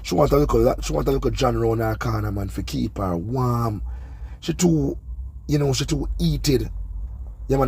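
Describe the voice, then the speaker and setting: A man's voice: medium pitch, darkish tone, a little hiss or hum. A Jamaican man hosting a gossip channel, talking casually and scolding, often asking "you see me". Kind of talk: casual commentary monologue.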